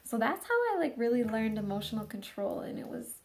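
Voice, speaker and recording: A woman's voice: on the high side, sing-song, a little fast, slight background noise. A woman dog trainer casually telling a rambling story, full of fillers and restarts.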